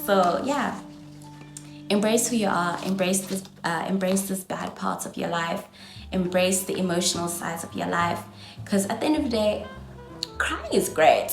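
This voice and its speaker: Brief: twenties South African woman vlogger, South African accent, chatty and encouraging, lowish voice, echoey room, faint music. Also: unhurried, vocal fry. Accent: South African English. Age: 20s. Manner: chatty, encouraging, calls viewers darling. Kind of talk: casual advice talk to camera.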